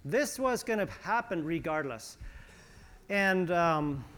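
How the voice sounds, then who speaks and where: A man's voice: a little high, expressive, slow pace, fairly bright tone. A man preaching a conversational sermon as pastor, with frequent restarts and some sarcasm.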